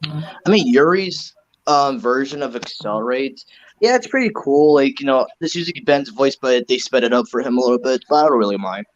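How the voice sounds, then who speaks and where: A man co-hosting a casual online fan discussion, animated and eager to add trivia. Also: mid-range voice, a little fast, dull audio, slight background noise. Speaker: co-host.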